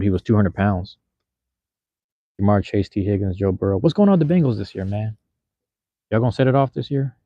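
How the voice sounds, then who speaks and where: A low-voiced man from Seattle chatting on a livestream, loose and slangy, cursing casually as he answers his viewers. The sound is dry and a little dull, like a cheap desk mic. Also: dry recording. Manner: loose, slangy, drops profanity, addresses chat. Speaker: livestream host.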